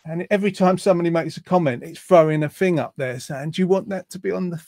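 A man's voice: a little high, quick pace, darkish tone, dry recording, studio quality. A man hosting a casual online quiz show, reading out viewer comments in a jokey, rambling way. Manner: jokey, rambling, lots of ums. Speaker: host.

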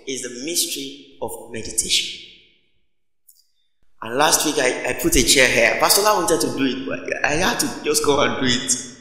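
A man preaching a lively call-and-response sermon to his congregation, stopping for laughter and shouted lines. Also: medium pitch, normal speed. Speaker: pastor. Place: church auditorium. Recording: echoey church hall.

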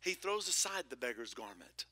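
Bright, dynamic male pastor preaching. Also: mid-range voice, sing-song, moderate pace, dry recording. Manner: swings from shouting to whispering, playful asides. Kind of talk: sermon. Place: church sanctuary.

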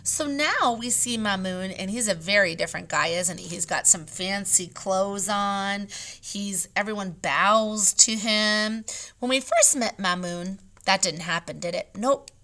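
Unhurried and medium-pitched, a woman teacher reads her class a chapter book. She narrates gently, often in a whisper, and shifts to an animated tone when asking the class questions.

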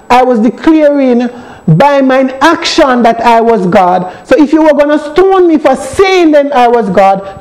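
On a low-quality recording, a man with a Jamaican accent and a very high, darkish voice leads a Bible study as an elder. He speaks emphatically and repeats phrases to drive his points home.

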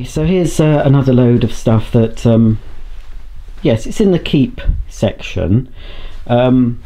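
Chatty man with a low, mellow voice. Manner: chatty, rambling, enthusiastic asides. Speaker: vlogger. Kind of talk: casual chat to camera. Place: home, indoors.

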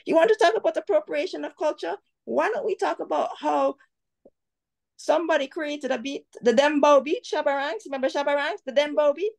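A woman with a Jamaican accent speaks as an interview guest, outspoken and animated. Her voice sits a little high. She talks casually and pushes her points hard. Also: fairly quick, gravelly. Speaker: cultural commentator, guest.

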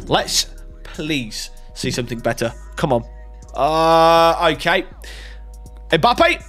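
A young man hosts a pack-opening gaming video with a lively, bouncing voice. He jumps from excited shouts to drawn-out groans. Faint music plays underneath. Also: on the high side. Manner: excitable, swinging between hype and groans. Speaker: gaming YouTuber.

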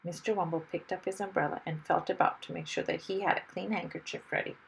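A woman reading a children's story aloud with expressive, lively storytelling. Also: on the low side, fast talker, vocal fry, slight background noise, low-quality recording. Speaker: storybook reader.

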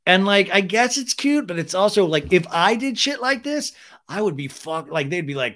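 A man's voice: high voice, expressive, normal speed, fairly bright tone. A man hosting a podcast, recapping a reality show in casual, sarcastic commentary and mimicking the people he quotes. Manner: chatty, sarcastic, acts out quotes in mocking voices. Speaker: podcast host.

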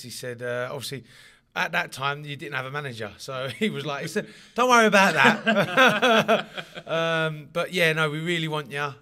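In this casual interview, the man, a rugby league player from London, rambles, repeats himself and laughs a lot. He speaks a little high, with a pushed, bright sound.

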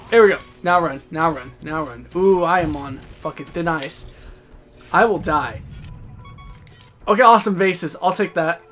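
A young man playing a video game with a friend, loud, crude and quick to yell at the game. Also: fairly high pitch. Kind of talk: casual gaming chat. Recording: game music behind.

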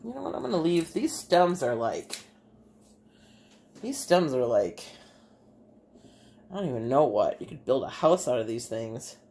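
Low-voiced chatty woman, Bay City accent. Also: big pitch swings, measured pace, pauses often, warm tone, a little hiss or hum. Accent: Bay City, Michigan. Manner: chatty, thinking aloud as she works. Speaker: artist and art teacher. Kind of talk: casual craft demonstration. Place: home kitchen.

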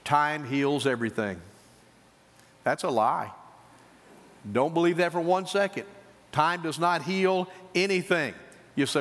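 A male pastor preaching a sermon, swinging between emphatic high points and quieter asides. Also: normal speed, pauses often. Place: church sanctuary. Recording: church hall reverb.

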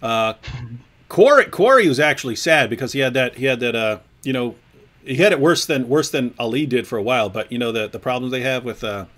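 A man's voice: medium pitch, fairly quick. A man hosting a casual live video chat, telling stories animatedly and often repeating his words as he gets going. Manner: animated storyteller, repeats words when excited. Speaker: host.

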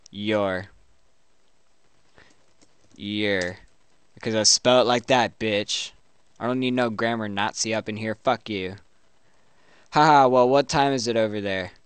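Slow-talking brash man, crude gamer banter. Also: lowish voice, clear, resonant tone, dry recording. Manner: brash, profane, laughs often at own insults. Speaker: let's play host. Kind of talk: crude joking commentary while typing to a chatbot. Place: home, at his computer.

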